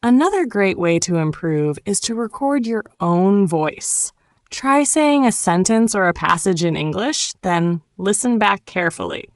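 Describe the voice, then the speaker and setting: A woman giving a scripted, encouraging English lesson in a calm, clearly enunciated way. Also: mid-range voice, measured pace, no echo. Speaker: English teacher. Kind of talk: scripted motivational narration.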